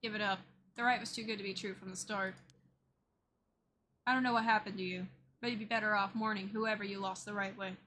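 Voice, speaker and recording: A woman's voice: mid-range voice, steady tone, a little fast, pauses often, bright, forceful tone, slight background noise, natural voice. A woman voicing a stern male detective, reading game dialogue aloud in clipped commands.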